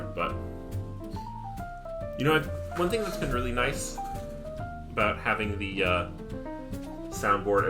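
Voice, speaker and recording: A young man casting a live esports stream, chatty and quick to laugh as he reads the chat. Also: fairly low pitch. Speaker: esports caster. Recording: jazz music playing behind.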